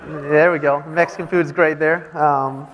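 A young man from Texas with a Southern American accent, a guest answering interview questions in a friendly, relaxed way. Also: on the high side, measured pace. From Houston, Texas. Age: young adult. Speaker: guest basketball player. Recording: long hall reverb.

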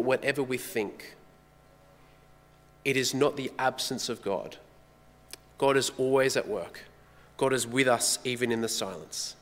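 A man with an Australian accent preaching a sermon in a measured, earnest way. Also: medium pitch, a bit bright. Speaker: pastor. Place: church. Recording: echoey church hall.

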